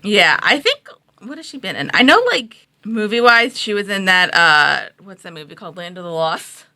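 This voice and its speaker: A woman's voice: mid-range voice, animated, moderate pace, bright, forceful tone. A woman co-hosting a casual review chat, recapping the plot loosely with many fillers. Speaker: co-host.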